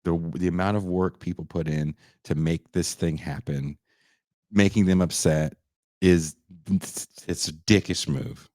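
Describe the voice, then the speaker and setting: A man hosting a podcast, delivering a loud, profane comedic rant that swings into shouting. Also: sits low, fairly even intonation, measured pace, dry recording, clean studio sound. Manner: loud, swearing, swings into shouting and mock voices. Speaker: podcast host.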